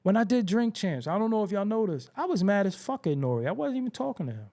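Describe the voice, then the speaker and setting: A fast-talking man with a high, dark, sing-song voice hosts a hip-hop talk show. His casual monologue of streetwise stories is thick with slang and profanity, plus repeats and emphatic asides.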